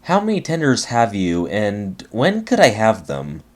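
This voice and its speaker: A man's voice: on the low side, wildly swooping pitch, a little slow, darkish tone. A man voicing a jealous, pompous male steam engine who complains in a huffy way.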